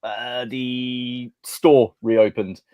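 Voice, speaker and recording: A man co-hosting a podcast, chatting casually with jokey, quick reactions. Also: medium pitch, level tone, warm tone, clear, resonant tone, dry recording. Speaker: podcast co-host. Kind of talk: casual chat.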